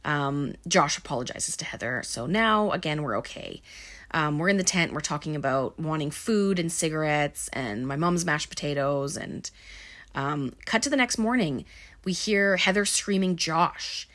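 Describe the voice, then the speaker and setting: A woman's voice: low voice, expressive, moderate pace, fairly bright tone. A woman casually recapping a film, talking with lots of fillers. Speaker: movie recap host.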